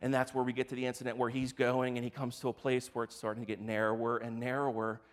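A male pastor preaching a sermon in a casual, animated storytelling way. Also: mid-range voice, fast.

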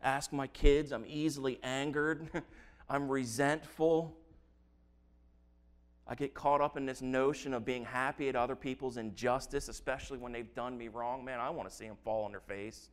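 A man preaching a sermon, reading scripture slowly and earnestly with emphatic stresses. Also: mid-range voice, steady tone. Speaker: pastor.

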